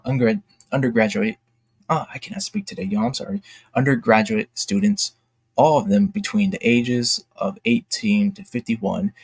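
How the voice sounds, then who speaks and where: A man's voice: medium pitch, gravelly, dry recording. A man reading a news article aloud with commentary, often stumbling over words and adding apologetic asides. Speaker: YouTube commentator.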